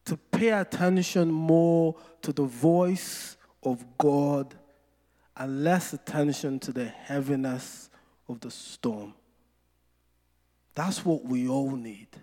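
A male preacher with a fairly high voice, preaching a sermon. He tells stories with playful asides and slows down hard on scripture lines. His voice rings through a hall with long reverb. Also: dark tone. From Nigeria.

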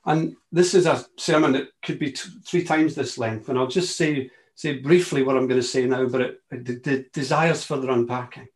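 A man preaching a sermon, impassioned, moving between quiet asides and ringing emphasis. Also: medium pitch, normal speed, few pauses.

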